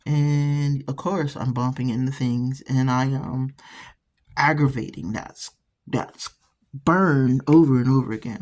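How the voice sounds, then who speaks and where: A woman's voice: extremely low pitch, darkish tone. Chatty woman telling stories with restarts. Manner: rambling storyteller with frequent restarts. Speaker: art channel host. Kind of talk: casual encouraging talk while painting.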